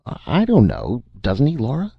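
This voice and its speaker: A man's voice: medium pitch, wildly swooping pitch, moderate pace, vocal fry, slightly rough, no room sound, voice pushed up, heavily acted. A man voicing a blunt, plain-spoken young man who sounds puzzled, in a dull lo-fi recording.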